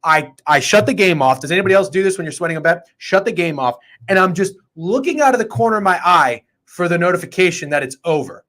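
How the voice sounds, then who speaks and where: A man hosting a sports betting show, talking in an excitable, profane, rambling way. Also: sits high, quick pace, few pauses. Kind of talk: casual sports betting chat.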